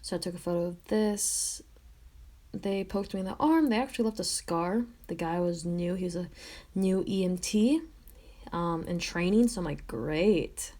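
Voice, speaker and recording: A woman's voice: fairly low pitch, moderate pace, mellow. A woman telling a personal story in a casual, chatty way, full of "like" and "um". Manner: chatty, filler-heavy, lots of "like" and "um". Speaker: vlogger.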